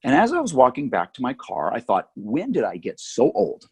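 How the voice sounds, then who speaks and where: Lively husky man telling a story. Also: medium pitch, moderate pace. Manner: animated, acts out voices in his anecdotes. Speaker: podcast co-host. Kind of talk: casual storytelling chat.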